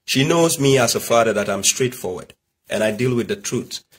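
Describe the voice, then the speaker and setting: Emphatic husky man lecturing. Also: medium pitch, expressive, moderate pace. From Nigeria. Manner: emphatic, rhetorical questioning. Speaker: religious commentator. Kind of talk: preachy monologue.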